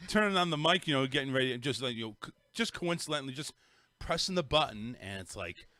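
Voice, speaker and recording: A man's voice: mid-range voice, lively intonation, quick pace, sharp tone, no echo. A middle-aged man with a Northern US accent, hosting a show and rambling through a story with many restarts. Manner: rambling storyteller, repeats words, restarts sentences. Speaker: podcast host. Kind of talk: casual chat.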